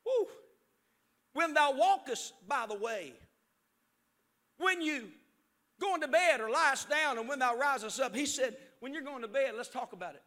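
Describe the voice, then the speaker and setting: In a church sanctuary, a middle-aged pastor preaches a sermon in a very high, animated voice, alternating between shouted appeals and hushed storytelling. He takes his time, leaving long pauses.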